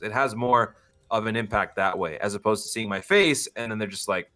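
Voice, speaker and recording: A man's voice: fairly low pitch, brisk, pushed and bright. A man, a voice actor and podcast guest, chatting casually in long, musing stretches. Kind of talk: casual chat.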